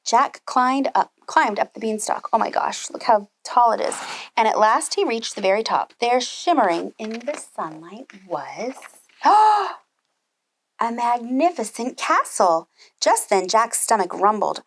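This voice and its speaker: Preschool teacher reading a storybook aloud, lively and animated, a bit high. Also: female voice, slow pace. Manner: animated, with gasps and asides to children. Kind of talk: children's storybook read-aloud.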